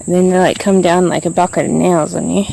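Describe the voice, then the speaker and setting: A woman's voice: fairly low pitch, little pitch movement, fast, vocal fry, mellow, slight background noise. A woman vlogging outdoors as she walks around, rambling and frustrated, full of fillers. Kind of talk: venting vlog monologue.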